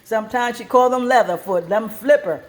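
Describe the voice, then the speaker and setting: A woman hosting a cooking show and telling a story at her kitchen stove, lively and plain-spoken. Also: fairly high pitch, brisk.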